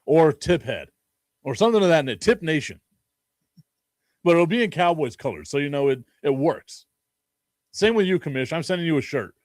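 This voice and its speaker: A man's voice: on the high side, lively intonation, normal speed, pauses often, darkish tone, dry recording, clean studio sound. A man hosting a casual sports talk stream, joking and rambling and laughing often. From Chicago. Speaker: sports talk show host.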